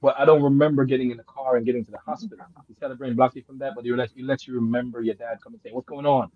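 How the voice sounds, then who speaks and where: A man who grew up in Jamaica, telling a story in casual chat, swinging between loud excited bursts and low murmurs, laughing and swearing often. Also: racing, no room sound, narrow, tinny audio. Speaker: guest.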